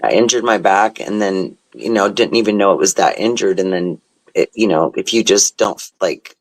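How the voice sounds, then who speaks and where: A man's voice: deep voice, moderate pace, low-quality recording. A middle-aged host in casual chat, talking in a sympathetic, rambling way about his own experience.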